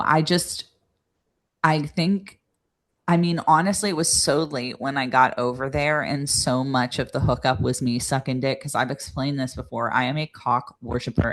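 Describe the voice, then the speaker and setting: A woman's voice: rumbling low, gravelly. A woman co-hosting a podcast, talking in a blunt, frank and profane way and filling her sentences with "like". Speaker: podcast co-host. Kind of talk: casual chat.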